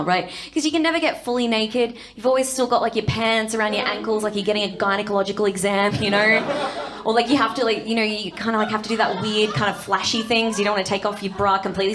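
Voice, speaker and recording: An Australian woman in her thirties performs stand-up on a comedy stage, telling a bawdy story in a brash, conversational style with constant tag questions. Her medium-pitched voice moves fairly quickly, and crowd noise can be heard.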